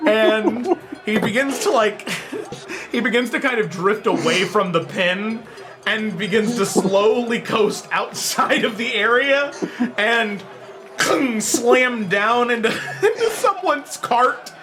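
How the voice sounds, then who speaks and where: High-voiced, lively game master narrating. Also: male voice, slow pace, noisy background. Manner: animated, laughing often, shouting character voices.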